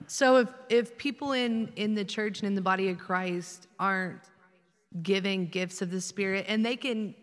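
A woman asks a halting question from the congregation, her mid-pitched voice carried on a long hall reverb. She searches for words and circles back before getting to the point. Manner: hesitant, restarting questions. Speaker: congregation member asking a question.

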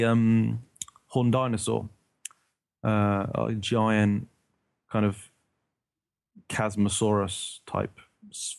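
A man's voice: medium pitch, vocal fry, darkish tone, dry recording. A man from the UK in casual podcast chat, rambling and searching for words, laughing often.

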